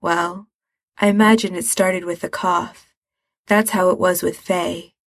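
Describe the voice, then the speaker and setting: A woman voicing a grieving older man who speaks low and subdued, weary and gentle, reading a story aloud. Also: steady tone, unhurried. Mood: heavy, weary.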